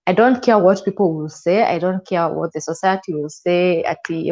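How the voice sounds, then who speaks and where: A woman's voice: lowish voice, fairly quick, hardly any pauses, a little mellow. Kenyan woman guest, emotional storyteller who voices the people in her account, slightly muffled lo-fi sound. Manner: emotional, acts out quoted dialogue. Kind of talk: personal storytelling in an interview.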